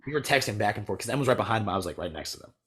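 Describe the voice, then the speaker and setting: A young American man chatting casually, telling a rambling story full of "like" and quick laughs. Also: on the low side, lively intonation, fairly bright tone, husky. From United States. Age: young adult. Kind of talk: casual chat.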